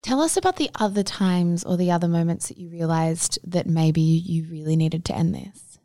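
A woman interviewer calmly asking prompting questions. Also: on the low side, normal speed.

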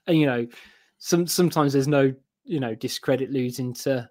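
A man's voice: mid-range voice, normal speed, darkish tone, no room sound. Rambling man on a dry recording. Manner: rambling, hedging with restarts. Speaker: guest football fan. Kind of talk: casual podcast chat.

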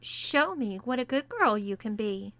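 A woman voicing a cruel young woman who mocks and orders others around, in a fairly high voice. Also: big pitch swings, a little slow, a bit bright, exaggerated voice. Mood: mocking. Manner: mocking, commanding.

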